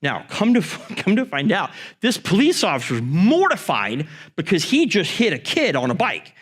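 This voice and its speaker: A pastor telling a story about his boyhood, vivid, jumping up into a high voice when acting out his younger self. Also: huge pitch swings, moderate pace, a bit bright, husky. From Michigan. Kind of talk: storytelling to a congregation.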